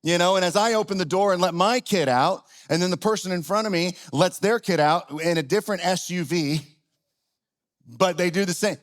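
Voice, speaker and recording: Conversational middle-aged pastor, fairly high voice. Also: male voice, normal speed. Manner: conversational, self-deprecating, with frequent restarts. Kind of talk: sermon. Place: church auditorium.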